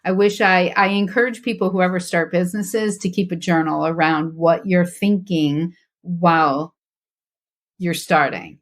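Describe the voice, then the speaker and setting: Slow-talking reflective woman guest. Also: lowish voice, fairly even intonation. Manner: earnest, reflective, with restarts. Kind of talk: faith podcast conversation.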